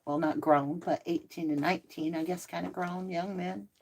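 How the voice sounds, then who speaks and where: A woman's voice: lowish voice, fairly even intonation, normal speed, slight background noise. A middle-aged woman hosting a casual livestream, chatting and answering viewer comments. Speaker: livestream host.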